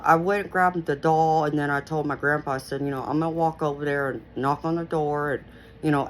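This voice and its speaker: On poor audio with a little hiss or hum, a woman with a low voice tells a personal story on her channel. Her telling is rambling, earnest and reflective, full of "you know."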